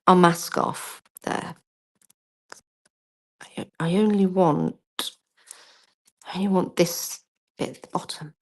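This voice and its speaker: A woman's voice: lowish voice, steady tone, slow, long pauses. A woman chatting through a live craft demonstration, self-deprecating and talking as she works. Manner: chatty, self-deprecating, talks while working.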